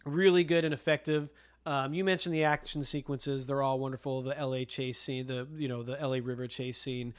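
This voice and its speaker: A man's voice: medium pitch, steady tone, brisk, smooth. Enthusiastic man co-hosting a podcast. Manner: enthusiastic storyteller, many fillers and restarts. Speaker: podcast co-host. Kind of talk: casual film chat.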